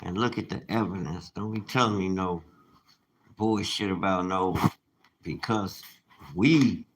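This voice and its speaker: A man's voice: low-pitched, a little slow. A man giving a blunt, profane, preachy rant to his viewers, in a noisy recording. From United States. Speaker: self-described teacher. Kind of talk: casual ranting monologue.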